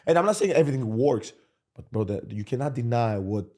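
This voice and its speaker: A man's voice: medium pitch, brisk. Laid-back man in casual sports chat. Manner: animated, repeats himself, restarts sentences. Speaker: podcast host, former basketball player.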